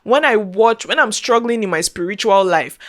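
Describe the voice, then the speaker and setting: Mid-range and animated, her voice moves at a moderate pace. The young woman, a content creator who also hosts a podcast, talks casually and earnestly to camera, going over things again as emotion brings her near tears.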